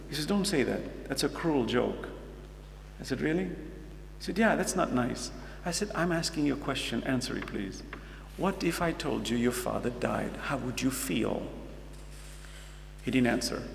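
Middle-aged new guy preaching, gravelly, kinda high voice, echoey hall. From United States. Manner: earnest storyteller, acts out dialogue, asks the audience questions. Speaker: Muslim speaker. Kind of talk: storytelling sermon. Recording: echoey hall with faint hum.

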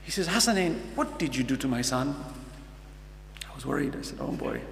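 Gravelly-voiced man telling a story in a sermon. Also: mid-range voice, sing-song, brisk, a bit bright. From United States. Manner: earnest storyteller, acts out dialogue, asks the audience questions. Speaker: Muslim speaker. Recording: echoey hall with faint hum.

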